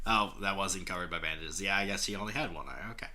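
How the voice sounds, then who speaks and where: A man's voice: deep voice, fast talker, noisy background. A young man reading fan fiction aloud in a mocking way, laughing often, swearing and breaking off to make fun of the writing. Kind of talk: mocking dramatic reading with banter.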